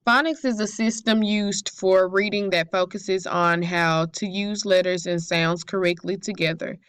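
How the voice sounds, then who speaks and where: A young woman reads her class presentation aloud in a careful, steady way, now and then stumbling and correcting herself. Her voice sits at an ordinary middle pitch, and the recording is close and dry, with no room sound. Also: no room sound. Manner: careful, read-aloud delivery with occasional slips. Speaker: student presenter.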